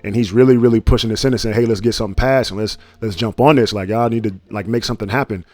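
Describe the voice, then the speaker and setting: Animated young man, dry close sound. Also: quick pace, no echo. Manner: animated storytelling, acts out quotes in a higher voice. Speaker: podcast co-host. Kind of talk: casual commentary chat.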